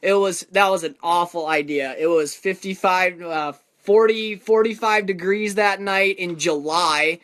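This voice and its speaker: A man's voice: sits high, measured pace, hardly any pauses, fairly bright tone. A man casually telling a story about his own travels, rambling with lots of fillers and chuckles.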